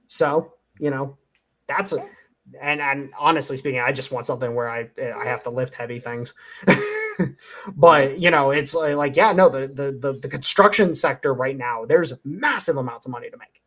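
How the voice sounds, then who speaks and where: A man talks into a headset microphone in a loose, rambling storytelling way. He swears freely and breaks into laughter often. His pitch sits in the middle range. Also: moderate pace, fairly bright tone. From Cleveland area, USA. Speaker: host. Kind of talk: casual panel chat.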